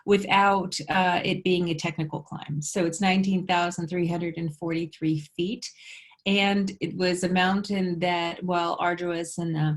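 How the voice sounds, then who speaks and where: A woman author being interviewed, easygoing and relaxed, with a few fillers and light laughs. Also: lowish voice, unhurried. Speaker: author guest.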